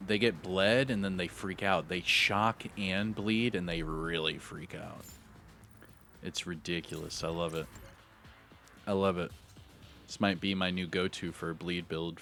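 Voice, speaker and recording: A man's voice: low-pitched, sharp tone, a little hiss or hum. A man giving live, hyped, slangy commentary over his own gameplay, talking to himself as he plays. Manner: hyped, slangy, talks to himself while playing. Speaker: gaming YouTuber.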